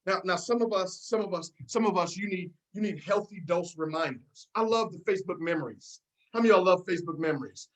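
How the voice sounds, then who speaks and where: A woman's voice: mid-range voice, lively intonation, normal speed, a bit bright, poor audio. A woman hosting a team video call, giving a fired-up motivational pep talk, repeating herself and calling out listeners by name.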